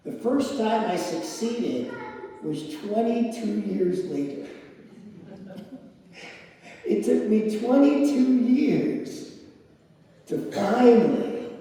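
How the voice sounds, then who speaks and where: Man, middle-aged, sermon storytelling, lively pitch, long reverb. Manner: slow, storytelling with laughs. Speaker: spiritual speaker. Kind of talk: sermon with personal stories. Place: large hall with audience. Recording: echoey hall, distant mic.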